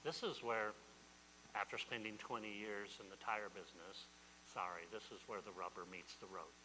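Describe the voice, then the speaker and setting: A man's voice: on the low side, steady tone, moderate pace, long reverb tail, noisy background. A man preaching a sermon as pastor, emphatic and repetitive, often restarting his phrases.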